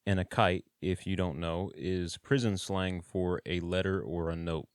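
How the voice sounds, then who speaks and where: A man's voice: low-pitched, fairly even intonation, measured pace, clear, resonant tone, no room sound, studio quality. A man casually telling his own story in a blunt, plain-spoken way, with swearing and slang.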